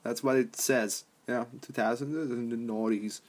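Brief: young male podcast host, loose profane rambling, frequent laughs, mid-pitched voice. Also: fairly even intonation, unhurried, a little mellow. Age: young adult. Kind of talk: casual rambling monologue.

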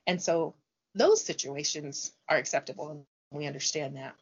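A husky, fairly low-voiced middle-aged woman talks about her years of teaching in a relaxed interview. She tells her stories with animation and acts out the voices of her students. The sound is dull and lo-fi. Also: normal speed. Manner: animated storyteller acting out dialogue. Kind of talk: casual interview chat.

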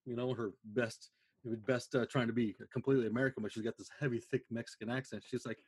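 An eager male interviewer keeps the chat loose and agrees readily with his guest. His voice is somewhat husky and sits at an ordinary pitch. The sound is close and dry. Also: steady tone, fast talker, no room sound. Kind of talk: casual conversation.

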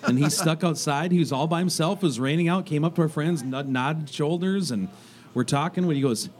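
A man hosting a radio talk show, telling stories in a lively, laughing way. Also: on the high side, fairly quick. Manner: animated, laughing storyteller. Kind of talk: casual storytelling chat.

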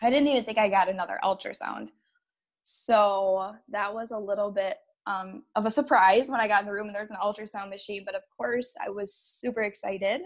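A woman in her thirties telling a personal story, halting and choked up, with nervous laughs. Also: mid-range voice.

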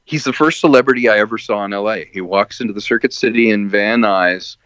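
A man, a filmmaker being interviewed, telling stories in a lively way and acting out the lines of people he quotes. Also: fairly low pitch, fast talker, clear, resonant tone, dry recording. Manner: animated storyteller who acts out quoted lines. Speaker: filmmaker guest. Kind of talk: casual interview. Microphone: video call. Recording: dull lo-fi call audio.

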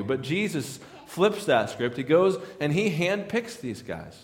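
Guy preaching a sermon, kinda high voice, talks like he's chatting, repeats himself a lot. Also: lively intonation, a little slow, hardly any pauses, fairly bright tone, in a large hall. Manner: conversational, repeats words and restarts lines. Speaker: pastor.

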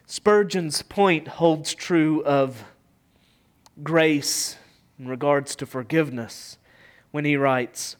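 A man preaching a sermon with passion, rising to loud emphatic peaks and falling to hushed, almost whispered lines. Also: on the high side, slow pace, clear, resonant tone. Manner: impassioned preaching, swelling loud and dropping to near whisper. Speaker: pastor.

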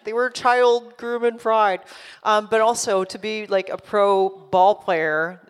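A woman's voice: mid-range voice, steady tone, takes it slowly, smooth. Hesitant woman interviewer in reverb. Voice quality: searching, hesitant phrasing with many fillers. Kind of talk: interview questions. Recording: long hall reverb.

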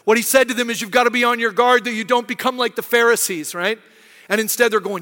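A man's voice: extremely high pitch, fast, bright, forceful tone. A man preaching a conversational sermon as pastor, acting out quoted voices and often checking in with "right?". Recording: long hall reverb.

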